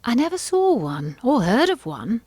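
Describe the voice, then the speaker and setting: A woman's voice: on the high side, huge pitch swings, normal speed, darkish tone, breathy edge, no echo, pitched above the performer's own voice, exaggerated voice. A polite, earnest young girl in a storybook, put on by a woman narrator. She speaks carefully and courteously. The recording is close and dry.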